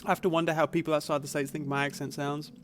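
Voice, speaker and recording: A man with a softened Essex accent, chatting casually to viewers while streaming a game, rambling with plenty of fillers. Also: a little high, little pitch movement, very fast, faint music behind. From Essex, England. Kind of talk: casual live gameplay chat.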